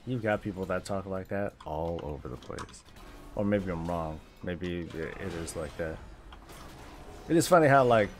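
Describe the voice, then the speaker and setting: A man's voice: sits low, animated, moderate pace, background noise. Rambling, jokey man streamer. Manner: rambling, jokey, laughs often. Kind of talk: casual stream chat while gaming.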